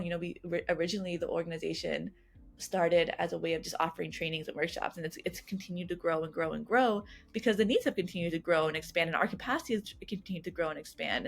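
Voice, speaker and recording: A woman guest answering interview questions in an earnest, fast way, restarting and repeating words often. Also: fairly low pitch, vocal fry. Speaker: guest, youth engagement coordinator at a health nonprofit.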